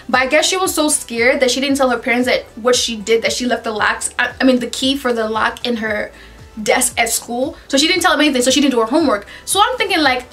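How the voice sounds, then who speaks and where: A young woman from Nigeria telling a personal story in a casual vlog, chatty and animated, jumping between asides. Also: sits high, fast talker, faint music behind.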